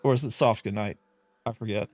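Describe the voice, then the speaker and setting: A man's voice: fairly low pitch, fairly quick, a little mellow, faint music behind. A man streaming a game, reading its text aloud and adding dry, joking asides.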